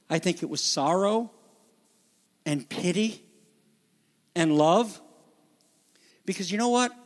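High-voiced impassioned male pastor. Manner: impassioned, swings between loud emphasis and hushed near-whispers. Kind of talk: sermon.

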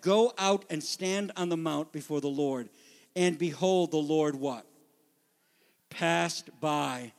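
A man with a high, light voice delivers a sermon from the pulpit, his words ringing out in a hall with a long reverb. He swings from hushed, almost whispered lines to urgent, building calls to the congregation. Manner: dramatic, drops to a near whisper for quiet passages and rises to urgent calls. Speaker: pastor.

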